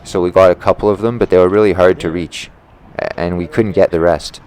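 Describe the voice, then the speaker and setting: Low-pitched man, tree worker, profane and rambling vlog rant. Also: fairly even intonation, brisk, a little mellow, clear, resonant tone. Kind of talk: ranting storytime vlog.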